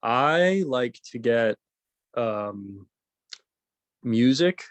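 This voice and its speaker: A man chatting as a guest in a relaxed way, laughing easily and hesitating with fillers. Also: medium pitch, very slow, dry recording. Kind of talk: casual chat.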